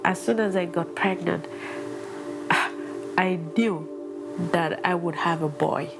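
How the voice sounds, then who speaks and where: A woman talks frankly in a documentary interview. Her voice sits a little low, and her delivery is earnest and unguarded. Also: slow, creaky, over music. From Guinea. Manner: earnest, confessional. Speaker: documentary subject. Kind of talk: personal interview.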